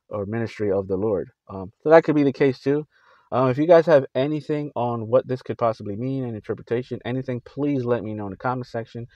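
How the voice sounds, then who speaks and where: A man on a Christian video channel recounting his dreams in a casual, halting way, with many fillers and restarts. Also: mid-range voice, a little mellow, no room sound, lo-fi sound.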